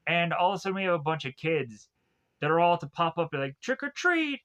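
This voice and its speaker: A man's voice: fairly high pitch, fast, a bit bright. A young man casually recapping a film scene by scene, rambling and joking, laughing at his own gags and slipping into silly voices for the characters. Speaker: movie reviewer. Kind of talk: casual comedic recap with goofy quoted asides.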